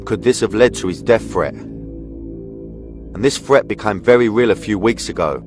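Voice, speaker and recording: A man's voice: on the low side, a little slow. A man narrating a documentary in the first person, in a tense and dramatic style. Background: music.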